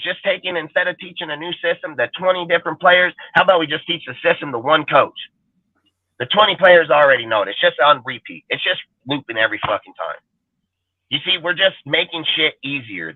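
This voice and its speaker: A man's voice: on the high side, lively intonation, brisk, no room sound. A man hosting a fan show, ranting in a heated, profane, emphatic way. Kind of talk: livestream rant. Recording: dry phone-like audio.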